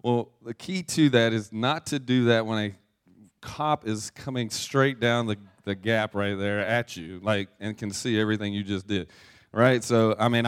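Male pastor, low voice, conversational sermon with storytelling and lots of restarts. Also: clear, resonant tone. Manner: chatty, self-deprecating storyteller with restarts. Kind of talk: casual sermon with personal story.

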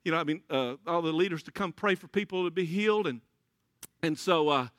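High, bright-voiced man preaching. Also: brisk, no room sound, clean studio sound. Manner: folksy, storytelling, laughs often. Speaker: pastor. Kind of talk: sermon.

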